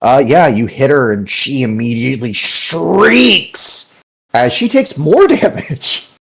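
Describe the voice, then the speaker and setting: A man's voice: medium pitch, animated, slow pace, creaky, fairly bright tone, husky, poor audio. A young man acting as game master, casually narrating a tabletop game and laughing often.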